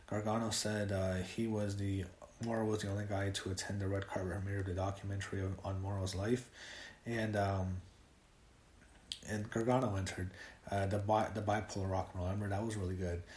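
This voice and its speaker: Man, casual solo show review, rambling, lots of fillers, lowish voice, roomy echo. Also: flat delivery, a little fast, a little mellow, slight background noise. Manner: rambling, frequent fillers, swears when worked up.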